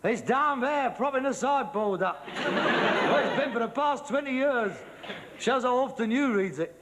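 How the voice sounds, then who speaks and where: A man's voice: very high-pitched, animated, a little slow, very noisy. An actor playing an exasperated, pompous socialist son, ranting and stumbling over his words. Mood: lecturing. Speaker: sitcom actor. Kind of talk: studio sitcom acting. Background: studio audience laughter.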